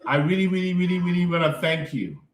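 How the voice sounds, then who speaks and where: High-voiced emphatic male live coach. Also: quick pace, echoey room, noisy background. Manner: emphatic, repetitive, checks in with listeners. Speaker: life coach hosting a live stream. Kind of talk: live stream talk answering chat.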